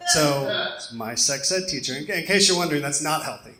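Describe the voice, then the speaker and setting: A man's voice: on the high side, animated, fairly quick, heavy background noise. A young man from the American South doing a self-deprecating stand-up set on a comedy club stage, with lots of ums. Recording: echoey club room with crowd laughter.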